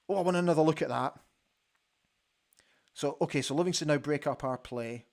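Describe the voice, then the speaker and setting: A Scottish man with a slightly high voice calls a football match live from a studio. He reacts loudly to every attack and chats between the plays. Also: fairly quick. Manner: excitable, reacts loudly to play, chatty asides. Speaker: host of a live football watch-along. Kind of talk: live match commentary with viewer comments.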